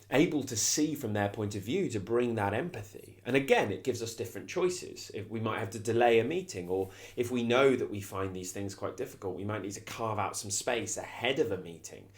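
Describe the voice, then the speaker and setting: A middle-aged man, giving a reflective, conversational self-help talk as a coach and often restarting his phrases. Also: on the low side. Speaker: coach and consultant.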